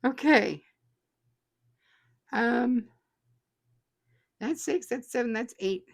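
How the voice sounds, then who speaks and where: A chatty woman with a slightly high voice hosts a relaxed stream, reading viewer comments aloud and laughing often. Her talk is loose and friendly, full of small asides. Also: drawn-out words, creaky. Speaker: host. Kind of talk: casual livestream chat reading comments.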